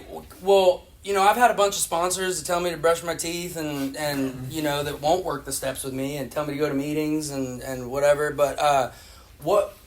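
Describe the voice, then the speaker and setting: A man telling his addiction recovery story at a meeting, candid and rambling, with many fillers and laughs at himself. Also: a little high.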